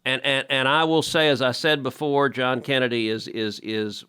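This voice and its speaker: A man's voice: medium pitch, fairly even intonation, moderate pace, bright, forceful tone, clear, resonant tone. A man co-hosting a podcast, talking emphatically and repeating words as he gets started. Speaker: podcast co-host. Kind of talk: casual podcast conversation.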